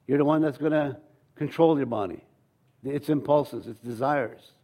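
A man's voice: mid-range voice, normal speed, mellow. A male pastor preaching a sermon in a conversational way, acting out quoted voices and often repeating words.

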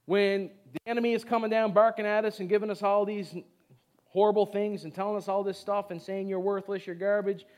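A pastor preaching to a congregation, urging them on in short repeated phrases and asking them to answer back. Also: male voice, high voice, fairly even intonation, a little fast, a little mellow. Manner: exhorting, call-and-response with the congregation. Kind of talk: sermon. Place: church service before a congregation.

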